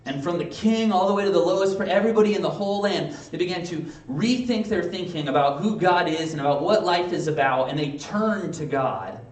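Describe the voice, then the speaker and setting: A man's voice: high-pitched, lively intonation, brisk, hardly any pauses. Casual man preaching in an echoey church. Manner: casual, conversational preaching with playful acted-out asides. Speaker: pastor. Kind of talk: sermon. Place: church sanctuary. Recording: echoey room, mic from a distance.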